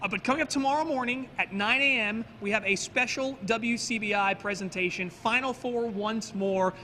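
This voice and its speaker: A man's voice: sits high, moderate pace, sharp tone, slight background noise. A man working as a sports anchor, upbeat and enthusiastic at the news desk.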